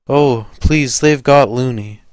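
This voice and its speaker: A man voicing a frightened, distraught young wife in an audiobook, pleading and breathless, often dropping to a whisper, in a higher, smooth voice. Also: a little slow, no echo, natural voice. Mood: shrieking.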